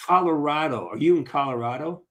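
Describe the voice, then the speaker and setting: A man's voice: fairly high pitch, brisk, fairly bright tone. A man hosting a casual live-stream Q&A with fans over a video call, upbeat, encouraging and a bit rambling. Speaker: actor hosting a fan Q&A.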